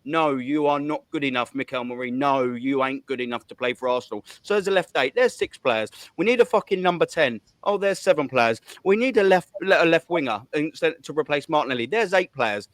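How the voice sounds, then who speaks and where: A man tears into his subject in a heated fan rant, swearing freely and counting off points one after another. His voice sits a little high, and the sound is dry and close. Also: expressive, a bit bright, dry recording. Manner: fast, swearing, repetitive counting. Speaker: host.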